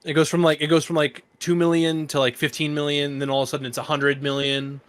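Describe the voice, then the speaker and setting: A man's voice: on the high side, little pitch movement, quick pace. A young man co-hosting a casual chat show, talking in a loose, rambling way and swearing casually. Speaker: podcast co-host.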